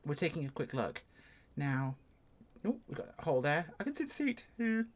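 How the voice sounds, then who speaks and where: In a very animated way at a moderate pace, this English-accented speaker from England takes a casual first look at a flight sim plane. He's talkative and self-mocking, with abrupt rises in pitch.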